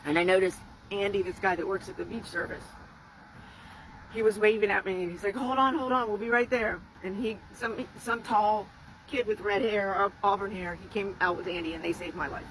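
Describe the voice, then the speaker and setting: A woman's voice: medium pitch, fairly even intonation, brisk, slight background noise, poor audio. A woman candidly recounting a frightening experience to the camera, emotional and swearing freely. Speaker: rescuer telling her story. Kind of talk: personal storytelling to camera.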